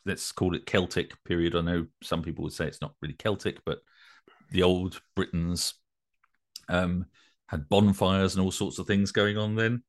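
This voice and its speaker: A man co-hosting a podcast with a fairly low voice. He talks in a teasing, halting way, restarting his sentences and leaning on "so" to get going. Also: steady tone. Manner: teasing, hesitant, starts with "so" a lot. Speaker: podcast co-host. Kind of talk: casual chat.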